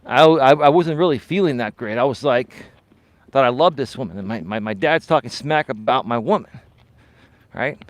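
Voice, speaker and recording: Dude walking and talking on a live stream, frank story, gets fired up, mid voice, dry sound. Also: male voice, mid-range voice, normal speed, no room sound. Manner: candid, heated, gets loud and animated retelling anger. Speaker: host, life coach. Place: walking outdoors.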